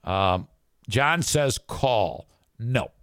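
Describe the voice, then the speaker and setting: A man's voice: mid-range voice, animated, very slow, a bit bright, no room sound, clean studio sound. A middle-aged man hosting a live stream show, talking in a crude, profane, rambling way. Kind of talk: casual live-stream talk.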